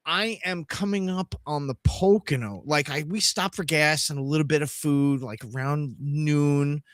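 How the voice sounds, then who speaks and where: A man's voice: a little high, a little slow, no echo, studio quality. A middle-aged man co-hosting a podcast, telling a road-trip story casually, swearing and making sound effects. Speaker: podcast co-host.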